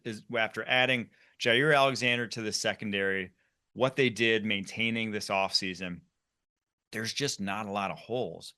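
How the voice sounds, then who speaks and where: A man hosting a football talk show, animated and quick as he runs the segments. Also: fairly low pitch. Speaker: podcast host.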